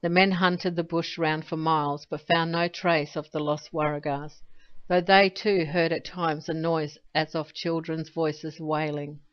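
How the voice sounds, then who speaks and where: A man reads a folk tale in an even, measured way. His voice is smooth and clear. The audiobook recording sounds somewhat dull. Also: fairly high pitch. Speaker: audiobook narrator. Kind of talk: storybook narration.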